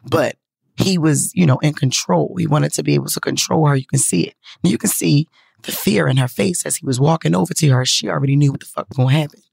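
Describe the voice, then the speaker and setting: A woman telling a story to her viewers in a casual, profane, animated way. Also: low-pitched, fast, vocal fry, breathy edge, no room sound.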